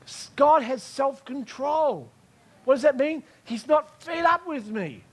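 A male preacher with a strikingly high voice delivers his sermon emphatically. He circles back on key lines and keeps checking that the room is following him. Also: lively intonation, a little slow. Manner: emphatic, repeats key phrases, checks in with listeners.

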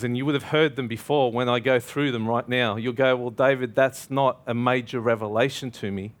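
A man preaching a sermon, emphatic and calling out questions to the congregation. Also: medium pitch.

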